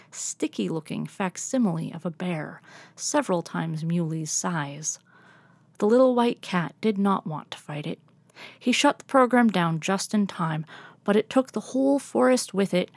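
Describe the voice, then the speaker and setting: Woman storyteller, gravelly, soft breathy asides, dry close sound. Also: mid-range voice, no echo. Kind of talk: storybook reading.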